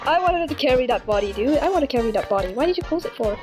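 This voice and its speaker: Woman gamer, high and very lively pitch, jumpy, squeals at scares, self-talk commentary. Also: fast, loud music behind the voice, rough recording. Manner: jumpy, talks to herself, squeals when scared. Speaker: gamer playing a horror game. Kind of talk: casual gameplay commentary.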